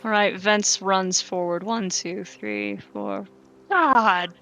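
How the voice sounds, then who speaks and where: A woman narrating as game master for a tabletop game, describing a monster in halting, self-correcting bursts full of fillers. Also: mid-range voice, flat delivery, gravelly, a bit bright, low-quality recording.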